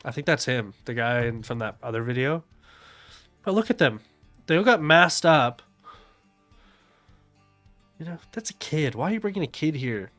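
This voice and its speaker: A man's voice: medium pitch, lively intonation, moderate pace, long pauses, a bit bright, faint music behind. A man streaming a casual rant commentary over videos, blunt and profane, often sneering and laughing. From Canada.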